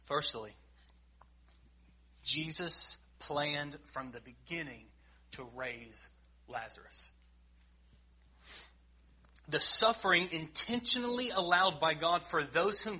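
Earnest, husky-voiced male preacher. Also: fairly high pitch, slow pace, long pauses. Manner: earnest, emphatic, swings between loud and quiet. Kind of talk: sermon.

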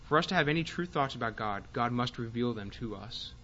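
A man teaching a Bible class, speaking haltingly with fillers and restarts and reading passages aloud with more force. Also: mid-range voice, animated, bright, forceful tone, dull audio, slight background noise.

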